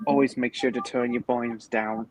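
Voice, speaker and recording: A man's voice: medium pitch, steady tone, moderate pace, music in the background. A man co-hosting a casual fan commentary on a film, mostly giving short agreeing replies. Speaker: commentary co-host. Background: film soundtrack playing.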